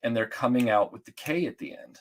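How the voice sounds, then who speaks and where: A brisk, mid-range voice comes from a middle-aged man from Atlanta who is a guest telling stories in a casual chat. His storytelling is animated and meandering, full of restarts and fillers.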